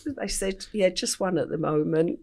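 An older woman from England, a podcast guest recounting her life story in a plain, unhurried way with frequent ums. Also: fairly low pitch, darkish tone.

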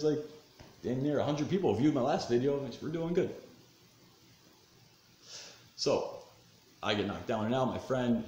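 A man in his thirties telling a rough personal story in a casual, profane way, getting heated and then calming down, recorded at home in his living room. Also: medium pitch. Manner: profane, animated, swings between fired-up and subdued. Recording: roomy echo, faint background noise.

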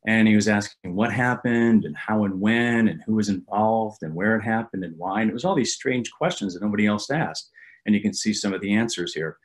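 A man's voice: lowish voice, a little fast. A man presenting a business webinar as a sales consultant, talking conversationally and repeating words as he goes. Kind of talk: business webinar talk with anecdotes.

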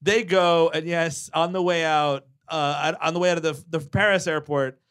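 Man, comedy podcast co-host, bright tone, slightly high, loose stammering recap. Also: fairly even intonation, normal speed, clean tone. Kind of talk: live comedy podcast banter. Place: comedy club stage, live audience.

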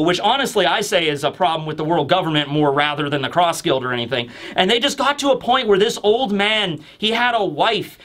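A man hosts a casual review and retells scenes with animated energy, acting them out as he goes. His voice is fairly high and bright, and his speech is loose and chatty. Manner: animated, storytelling, acts out scenes. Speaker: host. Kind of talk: casual manga chapter review.

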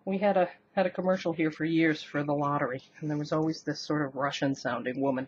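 In her home kitchen, a woman vlogger gives a casual cooking demo, rambling and laughing often at her own expense as she addresses the camera, first set on the counter and later handheld. She speaks in a low, steady, slightly mellow voice, quickly and with hardly any pauses. The audio is dull with a little hiss or hum.

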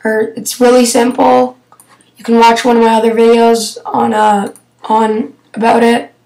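A young female vlogger chats about her favourite apps in a hesitant, filler-heavy way. Her voice sits a little high, and she talks slowly. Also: completely flat delivery, vocal fry, darkish tone, poor audio. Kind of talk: casual app review.

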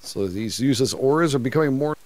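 A man's voice: mid-range voice, animated, a little fast, a little mellow. A man streaming a co-op survival game, chatting casually, swearing and laughing. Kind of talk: casual gaming chat.

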